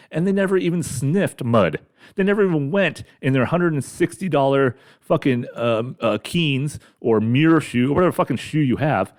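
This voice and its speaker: A middle-aged man grumbling through a profane, rambling comedic rant as a podcast host, talking carefully after mouth surgery. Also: mid-range voice. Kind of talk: ranting comedic monologue.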